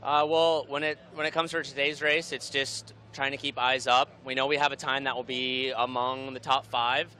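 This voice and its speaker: A man's voice: mid-range voice, little pitch movement, moderate pace, hardly any pauses, pushed and bright, a little hiss or hum. A male racing driver answering trackside interview questions in a focused, earnest way. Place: outdoors at a racetrack.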